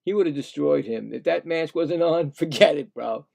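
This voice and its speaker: A man giving casual, excitable play-by-play of a hockey game, indignant and rambling with frequent restarts. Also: on the high side, normal speed, creaky. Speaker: live play-by-play streamer.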